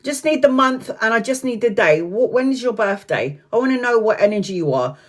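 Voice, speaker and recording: A woman's voice: on the high side, lively intonation, fairly quick. Woman, tarot reader, live stream, blunt, swears a lot, laughs, rambling. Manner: frank and blunt, swears freely, laughs often, digresses.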